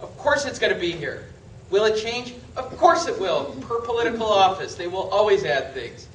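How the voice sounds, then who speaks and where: A man teaching a seminar to real estate agents, emphatic and animated, asking and answering his own questions. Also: high voice, moderate pace, a little hiss or hum. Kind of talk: seminar lecture. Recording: echoey room from a distance.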